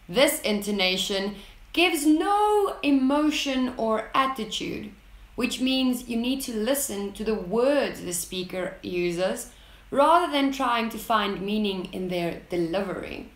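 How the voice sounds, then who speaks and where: A woman narrating an English lesson in a slow, deliberate way, reading out example sentences with clear enunciation. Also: fairly high pitch, expressive, echoey room. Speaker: English teacher.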